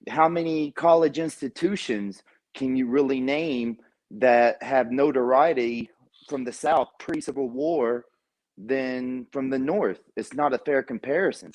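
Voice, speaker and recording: A man's voice: mid-range voice, measured pace, a little mellow, rough recording. A man calling into a livestream, lecturing at length with many fillers and restarts. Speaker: caller on a livestream. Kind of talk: casual argumentative chat.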